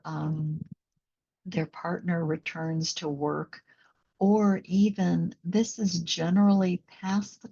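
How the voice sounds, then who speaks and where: A woman working as a postpartum doula and instructor, talking in a gentle, reflective way in a conversational interview, with many fillers. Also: on the low side, vocal fry, lo-fi sound.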